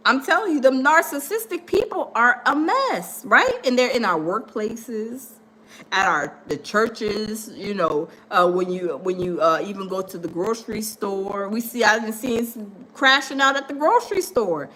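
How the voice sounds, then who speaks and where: A woman's voice: fairly high pitch, expressive, measured pace, bright, forceful tone, a little hiss or hum. A woman hosting a livestream, chatting casually and animatedly, reading viewer comments aloud and acting out the people she quotes. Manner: acts out quoted people in different voices. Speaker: livestream host.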